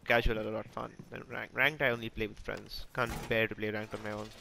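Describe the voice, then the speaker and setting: Male gaming host, bright voice, jumpy and self-mocking play-by-play, slight hiss behind. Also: fairly low pitch, brisk, creaky. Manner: excitable, self-mocking, talks to teammates and enemies. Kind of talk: live gameplay commentary.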